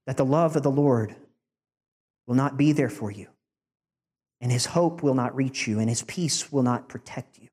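A man's voice: mid-range voice, normal speed, long pauses, a little mellow, breathy edge, big-room sound. A man preaching a heartfelt farewell sermon to his congregation, building to emphatic rising declarations. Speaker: departing preacher.

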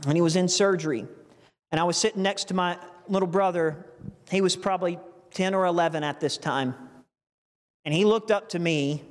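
A man's voice: high-pitched, moderate pace. Earnest male preacher, lingering church reverb. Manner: earnest, emotional storytelling with many restarts. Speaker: pastor. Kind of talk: sermon. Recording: long reverb from a large hall.

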